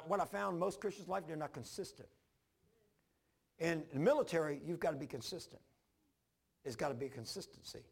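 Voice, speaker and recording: An older man preaching a sermon, telling his own story in a folksy, repetitive way with sudden loud bursts. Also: a little high, creaky, slightly rough. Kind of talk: sermon with personal testimony.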